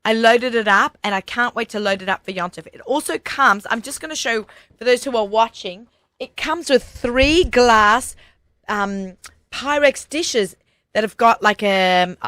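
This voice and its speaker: Australian woman host, chatty and eager, crisp bright tone, dry studio sound. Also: a little high, dry recording. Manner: chatty, enthusiastic, quick restarts. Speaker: show host. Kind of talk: casual radio chat. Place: radio studio.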